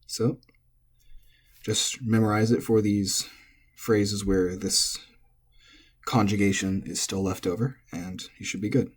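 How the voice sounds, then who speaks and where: Male language tutor, low husky voice, offhand self-correcting lecture. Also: slow pace, long pauses. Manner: relaxed, thinking aloud, self-correcting. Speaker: language teacher. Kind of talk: casual lecture on pitch accent.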